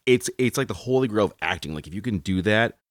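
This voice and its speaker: Host, male, very low but lively voice, dry recording, curious. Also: fast, dry recording. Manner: curious, enthusiastic questioner. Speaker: podcast host. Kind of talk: casual interview chat.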